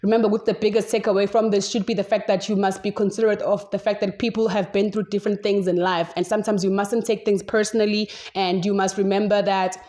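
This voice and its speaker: South African woman, young adult, solo podcast host, unscripted, rambling, chatty, mid-pitched. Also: level tone, fast talker, few pauses, warm tone. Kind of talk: casual solo podcast monologue.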